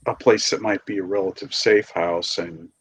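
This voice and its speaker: Low-voiced man thinking aloud. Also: steady tone, moderate pace, a little hiss or hum. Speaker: player. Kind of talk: casual tabletop play.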